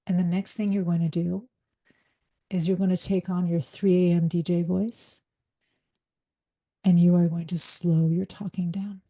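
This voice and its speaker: A middle-aged woman, a leadership coach and former psychologist, giving a live workshop talk in a fast, direct, energetic way. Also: fairly low pitch.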